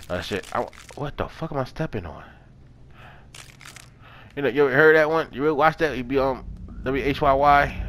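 A young man hosting a let's play, chatting casually and yelling and swearing when startled. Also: mid-range voice, expressive, fairly quick, slight background noise. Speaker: gaming channel host.

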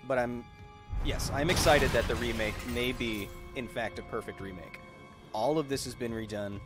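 A man in the middle of a game stream, talking at an average pitch with excitable bursts and plenty of stammered restarts. Stream music plays underneath while he chats to his viewers. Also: normal speed. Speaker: gaming streamer. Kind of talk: casual gameplay commentary. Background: stream music and game sounds.

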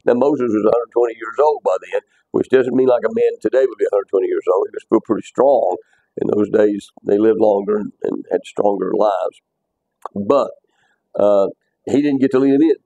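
Mellow-voiced male bible teacher. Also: fairly low pitch, normal speed, no room sound, dull audio. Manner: conversational, repeats words, quizzes students. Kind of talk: classroom teaching.

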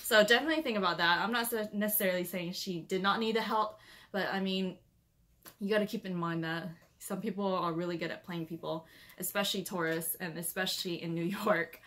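A woman's voice: on the low side, brisk, a bit bright. A young woman vlogging in casual chat, rambling with lots of filler words as she warns viewers to be careful. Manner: chatty, rambling with many "like" and "um" fillers, giving cautionary advice. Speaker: travel vlogger.

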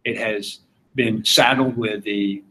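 A man's voice: lowish voice, fairly even intonation, slow pace, fairly bright tone, a little hiss or hum, low-quality recording. A man with a Southern US accent from Georgia, giving an informal philosophy lecture, chatty and quizzing the class. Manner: chatty, asks the class questions, laughs often. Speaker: philosophy teacher.

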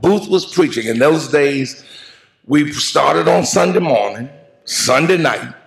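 A man preaching a funeral eulogy in a call-and-response style, moving into shouts and half-sung lines. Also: on the high side, expressive, slow pace, creaky. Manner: preaching cadence, rising to shouts and sung phrases. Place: large church sanctuary.

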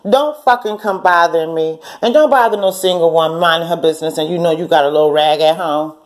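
A woman's voice: sits low, fairly quick. A woman in her forties telling a story in a casual rant, blunt and profane, often laughing and acting out what people said. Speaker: channel host.

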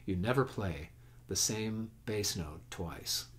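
Taking it slowly, a man with a fairly low, animated voice teaches guitar on a casual webcast through a home mic. He's folksy and chatty, counting out beats and humming notes over his own guitar playing.

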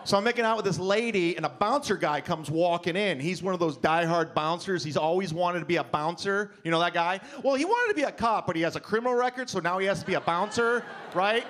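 A man's voice: sits high, lively intonation, fast, hardly any pauses, fairly bright tone. A male stand-up comedian on a comedy club stage, telling a rambling, self-deprecating story. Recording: live club, crowd noise.

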